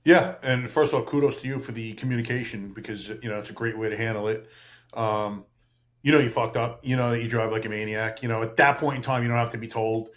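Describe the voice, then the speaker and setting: A man's voice: medium pitch, fairly even intonation, fast talker. Frank man in his fifties. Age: 50s. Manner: reflective, frank, swears. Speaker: podcast guest, retired police officer. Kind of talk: casual podcast chat.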